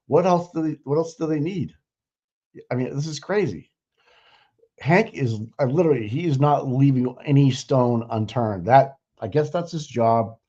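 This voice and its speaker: A man's voice: medium pitch, a little mellow. A man with a thick Boston accent talks through a casual commentary stream, wandering from point to point and trailing off into "uh" and "I don't know." His voice sits in an ordinary middle register. The stream audio comes through dull and lo-fi. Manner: rambling, opinionated, laughs often, trails off with fillers. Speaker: livestream co-host.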